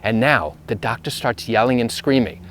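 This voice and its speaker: Walking through a neighborhood outdoors, a man who works as a personal injury lawyer recounts a story at normal speed in a medium, fairly bright voice. His delivery is emphatic, with repetitive phrasing that grows more intense during the retelling.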